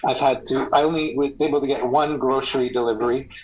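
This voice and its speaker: A man's voice: medium pitch, fairly even intonation, fast talker, low-quality recording. Thoughtful, hesitant man in casual chat. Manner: thoughtful, analytical, hesitant with restarts. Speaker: guest on a call.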